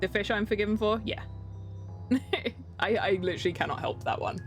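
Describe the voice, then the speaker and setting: A woman's voice: mid-range voice, a little fast, soft background music. A young English woman streaming a game, chatting casually, rambling and giggling between thoughts. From England. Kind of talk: casual live-stream chat.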